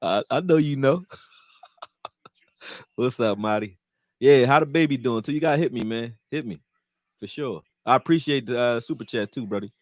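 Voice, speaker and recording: A man hosting a live stream, chatting loosely with slang and getting loud and heated when reacting to plays. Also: mid-range voice, normal speed, pauses often, no room sound. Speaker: livestream host reacting to a football game. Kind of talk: casual live commentary chat.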